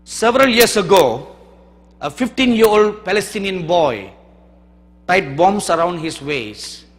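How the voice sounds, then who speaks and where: Male preacher, higher voice, emphatic sermon delivery swinging from quiet to loud, reverberant hall. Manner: emphatic, swings from hushed storytelling to loud declarations.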